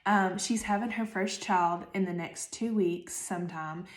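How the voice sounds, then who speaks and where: A woman's voice: on the low side, fairly even intonation, a little slow, echoey room. A woman in her thirties hosting a podcast, giving casual, chatty advice with lots of fillers and "okay?" checks. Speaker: podcast host.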